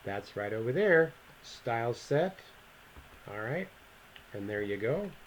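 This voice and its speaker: A man over fifty teaching a software lesson, thinking aloud as he clicks through the steps and correcting himself casually. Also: mid-range voice, very animated, slow pace, slight background noise, rough recording. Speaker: instructor. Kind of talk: screen-recorded software tutorial.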